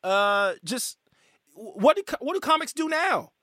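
A man's voice: very high-pitched, big pitch swings, unhurried, sharp tone, no room sound, clean studio sound. A man hosting a casual interview, stumbling and restarting his questions. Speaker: podcast host.

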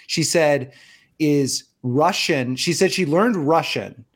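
A man's voice: on the high side, takes it slowly. A young man co-hosting a casual podcast, chatty and joking. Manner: chatty, joking, lots of restarts and laughs. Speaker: podcast co-host. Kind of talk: casual chat.

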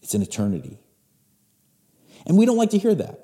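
A man's voice: high voice, huge pitch swings, a little fast, warm tone. A man in his forties hosting a podcast, giving a blunt, emphatic motivational talk and swearing freely. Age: 40s. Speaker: podcast host. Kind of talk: motivational monologue.

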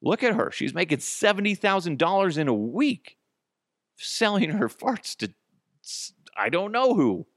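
A man's voice: sits high, big pitch swings, a little slow, dry recording, clean studio sound. A man hosting a comedy podcast, ranting sarcastically and swearing, sometimes acting out both sides of an argument. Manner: profane, sarcastic, acts out both sides of a dialogue. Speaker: podcast host. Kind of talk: comedic solo podcast rant.

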